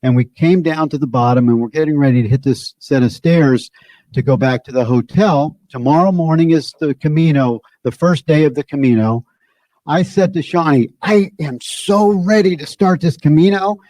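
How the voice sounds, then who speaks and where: A man's voice: mid-range voice, moderate pace, mellow, no echo. A man giving an informal spiritual teaching talk, conversational and searching, often circling back on his phrases.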